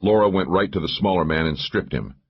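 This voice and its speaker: A man narrating a first-person thriller audiobook in a steady, measured way. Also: low voice, husky, lo-fi sound.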